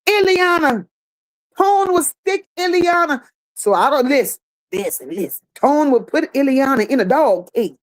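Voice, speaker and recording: A woman hosting a reaction channel, gossiping in casual commentary and reading chat comments, animated and laughing. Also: high voice, measured pace. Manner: animated, laughing, gossipy with playful put-on voices.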